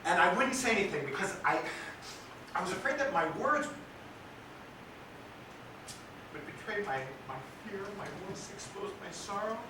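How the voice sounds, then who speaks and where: An actor playing a grief-stricken young man mourning his little brother in a stage monologue, halting with broken repetitions that swell into shouting. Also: high-pitched, very animated, noisy background. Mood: anguished. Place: theatre stage. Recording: echoey theatre from far off.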